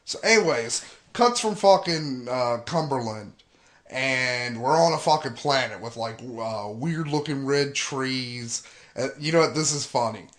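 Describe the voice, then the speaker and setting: Young male vlogger, mid-pitched, casual and profane, rants hard and swears a lot. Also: unhurried, a bit bright. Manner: profane, ranting, heavy swearing. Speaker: gaming and movie vlogger. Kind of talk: casual rant recapping a movie preview.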